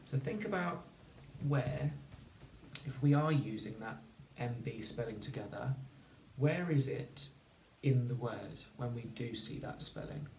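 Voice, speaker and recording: A man teaching a phonics lesson to children, slowly and clearly sounding out each word. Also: mid-range voice, animated, a little mellow. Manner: slow, clear sounding-out of words. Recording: echoey room, distant mic, faint noise.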